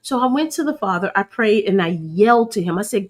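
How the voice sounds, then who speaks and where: A woman's voice: medium pitch, expressive, a little fast. A middle-aged woman, sharing a faith-based personal testimony in an earnest, preacherly way and calling her listeners y'all. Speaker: host.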